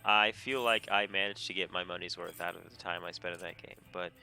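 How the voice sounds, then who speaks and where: A man giving a casual, rambling rant about video games on a desk mic, animated and often laughing. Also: deep voice, a little fast, vocal fry. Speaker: gamer vlogger. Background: faint game music.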